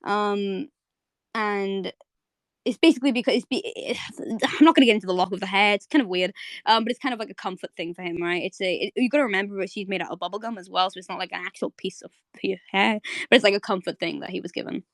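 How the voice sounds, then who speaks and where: A woman hosting a live audio chat, casually retelling a cartoon episode as an excited fan who keeps asking "right?". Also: medium pitch, fast talker, no echo. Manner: chatty, fan-excited, many fillers and "right?".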